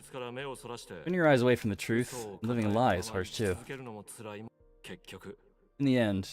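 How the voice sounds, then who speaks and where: Solemn young detective guy, as a streamer reads him, low voice, slow and lively pitch, game music behind. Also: lightly acted. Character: earnest young male detective, solemn and determined. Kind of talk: fan dub while streaming a game.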